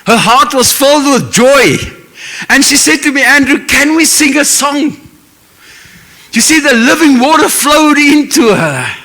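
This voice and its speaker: A man's voice: very high-pitched, sharp tone. A man with a South African English accent preaching a sermon as pastor, earnest and emotional, with Afrikaans phrases mixed in.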